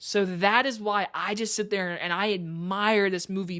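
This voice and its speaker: Woman movie reviewer, casual and excitable, peppers her talk with "like". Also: mid-range voice, measured pace, hardly any pauses. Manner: chatty, enthusiastic, heavy use of "like".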